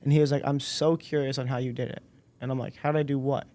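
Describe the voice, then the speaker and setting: A man in his twenties, a podcast guest, telling a personal story in a relaxed way and acting out the dialogue. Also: medium pitch, quick pace. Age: 20s. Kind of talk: casual storytelling interview.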